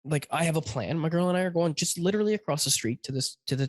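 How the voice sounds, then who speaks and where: A man's voice: a little high, fast talker. A man co-hosting a comedy podcast, telling a story as a heated rant, swearing heavily and calling his listener bro. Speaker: podcast co-host. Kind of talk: casual comedic chat.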